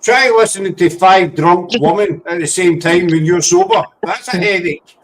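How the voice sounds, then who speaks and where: A man's voice: sits high, moderate pace, a little hiss or hum. A man hosting a casual group chat, teasing and jokey.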